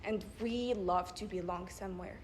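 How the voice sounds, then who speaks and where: A young woman delivering a public speech at a debate club event, building her points with rhetorical questions and measured emphasis. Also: mid-range voice, a little mellow, a little hiss or hum. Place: live event before an audience.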